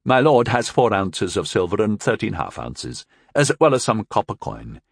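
A man's voice: fairly low pitch, sing-song, moderate pace, vocal fry, slightly rough, no echo, studio quality, heavily acted. A man voicing a timid, fussy male household steward who speaks precisely and deferentially.

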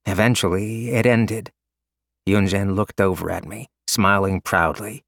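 Low-voiced man narrating with wry humor. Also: fairly even intonation, a little slow, creaky, a bit bright, no room sound, studio quality. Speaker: audiobook narrator. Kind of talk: scripted narration.

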